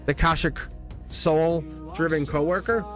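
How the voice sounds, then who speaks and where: A man's voice: fairly high pitch, slow pace, a bit bright, faint music behind. A man reading tarot cards live for his viewers, chatty, laughing often and repeating himself. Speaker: tarot reader, livestream host.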